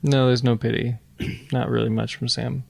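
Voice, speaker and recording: A man's voice: mid-range voice, level tone, normal speed, vocal fry, a little mellow, no room sound. A man co-hosting a podcast in casual chat, talking loosely with filler words. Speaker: podcast co-host.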